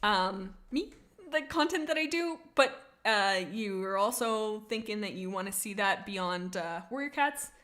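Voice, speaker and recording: A woman's voice: medium pitch, a little slow. A young woman streaming casually, chatting with her viewers and gushing about characters she loves. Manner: gushing, excitable, reads chat aloud. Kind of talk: casual live-stream chat.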